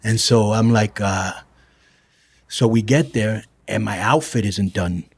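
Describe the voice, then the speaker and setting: A middle-aged man with a low, husky voice tells long stories in a relaxed, streetwise way. He swears freely and keeps dropping "bro" and "you know" as he goes. The sound is close and dry, with no room in it. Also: measured pace, no room sound. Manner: profane, says "bro" and "you know" often. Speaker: guest. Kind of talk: casual storytelling.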